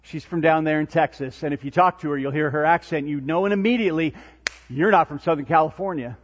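A man preaching a sermon, swinging between loud, emphatic passages and low, hushed ones. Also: fast, a little hiss or hum. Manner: animated preaching, rising to near-shouts then dropping low and soft. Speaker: pastor. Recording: dull lo-fi sound in a reverberant hall.

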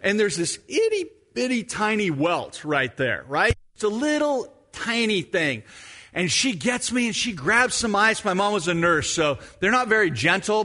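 A middle-aged man preaching, weaving a personal story into his sermon. His voice sits high for a man and rings bright and forward. He tells it in an animated way, acting out his own moments as he goes. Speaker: pastor.

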